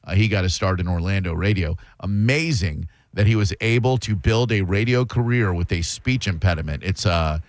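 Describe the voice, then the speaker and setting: A man's voice: sits low, normal speed, hardly any pauses, dry recording, studio quality. Self-mocking male radio host. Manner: rambling, self-mocking storyteller. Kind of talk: casual radio talk. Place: radio studio.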